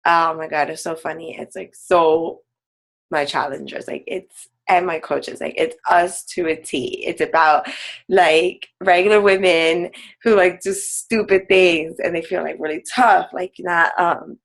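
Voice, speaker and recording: A woman's voice: lowish voice, steady tone, measured pace. A woman fitness coach, a guest on a team call, talking casually with lots of "like" fillers and frequent laughs. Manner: chatty, full of "like" fillers, laughs often.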